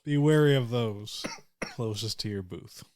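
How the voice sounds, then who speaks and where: A man's voice: medium pitch, unhurried, a little mellow, no room sound, studio quality, close to an everyday voice. A man playing a cryptic old lady sleuth. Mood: secretive. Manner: cryptic, conspiratorial. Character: older woman baker, secretive sleuth. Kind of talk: tabletop role-play.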